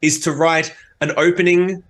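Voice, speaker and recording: A man's voice: a little high, little pitch movement, moderate pace, fairly bright tone. A man co-hosting a casual rock podcast, laid-back and agreeable, chiming in and swearing now and then. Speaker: podcast co-host. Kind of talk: casual chat.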